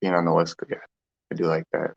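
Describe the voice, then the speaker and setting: A man's voice: sits low, completely flat delivery, fast, creaky. Rambling man in a dull lo-fi recording. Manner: loose and meandering, laughs often, trails off. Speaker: host of a spiritual talk session. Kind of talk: casual rambling spiritual chat.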